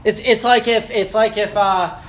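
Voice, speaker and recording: A man preaching a sermon, earnest and explanatory, slowing down to stress key phrases and building emphasis. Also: high voice, steady tone, a bit bright, a little hiss or hum.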